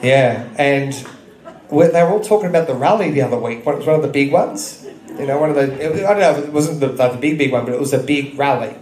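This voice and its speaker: In an echoey club function room, a man in his thirties speaks to a public gathering, preaching earnestly and telling stories. He talks fast, with a medium-pitched voice and a darkish tone.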